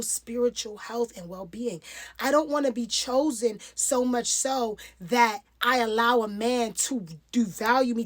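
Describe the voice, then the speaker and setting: Blunt high-voiced woman ranting. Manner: blunt, emphatic, profane, repeats points for stress. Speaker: reality TV recap host. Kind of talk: casual opinionated commentary.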